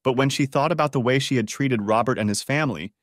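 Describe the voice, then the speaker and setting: A man's voice: medium pitch, quick pace, dry recording. A man narrating a dramatic audiobook story in a scripted reading, on a close studio mic.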